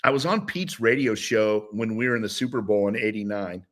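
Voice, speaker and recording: A former football player in his sixties, speaking briskly in a lowish voice, tells stories as a guest in a casual interview. He's an animated storyteller.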